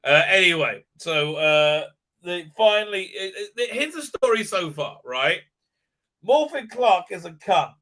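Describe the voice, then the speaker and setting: A man's voice: high-pitched, very animated, unhurried, sharp tone, rough recording. A man hosting a livestream, ranting crudely and profanely, rambling with constant filler sounds. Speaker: channel host. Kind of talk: livestream commentary rant.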